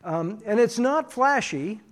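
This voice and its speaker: Pastor, male, high voice, unhurried, hesitant delivery full of fillers. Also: animated. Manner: slow, halting, many fillers. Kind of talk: sermon recap.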